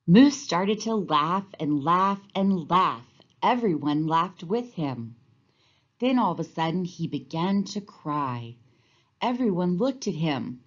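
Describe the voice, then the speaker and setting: A woman teacher reading a children's storybook aloud with expressive, clear storytelling. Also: sits low, a little slow, dull audio.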